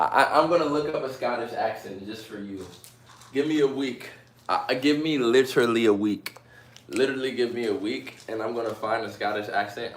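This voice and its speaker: A man's voice: mid-range voice, fairly bright tone. Playful man chatting to viewers, roomy echo. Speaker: live streamer chatting with viewers. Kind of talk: casual live-stream chat.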